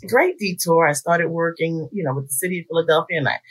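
A middle-aged woman, a psychologist guest on a radio talk show, speaking warmly and with enthusiasm. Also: sits low, fast, breathy edge. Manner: warm, enthusiastic, expressive talker.

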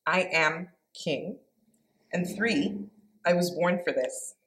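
Earnest woman teaching the Bible, lowish voice. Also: takes it slowly, fairly bright tone. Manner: earnest, reflective, conversational. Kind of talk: informal devotional Bible teaching with scripture reading.

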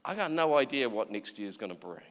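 A man's voice: mid-range voice, big pitch swings, brisk, fairly bright tone. A man preaching a sermon in a chatty way, often acting out quoted voices and repeating words. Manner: conversational, acts out quoted voices, repeats himself. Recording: long reverb of a large hall.

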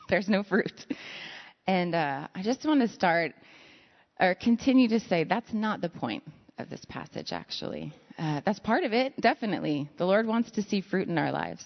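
A woman's voice: lowish voice, animated, moderate pace, gravelly. A woman preaching a conversational sermon, telling stories with self-deprecating asides. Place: church sanctuary. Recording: lo-fi sound in a reverberant hall.

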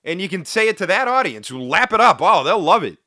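A man's voice: high voice, sing-song, brisk, sharp tone, dry recording, clean studio sound. A man hosting a solo podcast, talking in an emphatic, indignant way with sarcastic asides. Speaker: podcast host. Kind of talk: opinionated solo podcast commentary.

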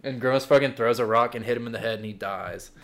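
A man's voice: medium pitch, fast talker. A man co-hosting a comedy podcast, crudely riffing an improvised horror story between laughs. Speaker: podcast co-host.

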